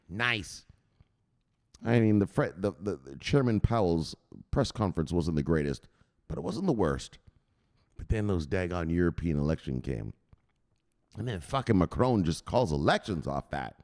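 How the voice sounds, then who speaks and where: A man hosting a crypto news livestream, chatting with viewers in a loud, profane, excitable way. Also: low voice. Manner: profane, excitable, shouting "bang!" often.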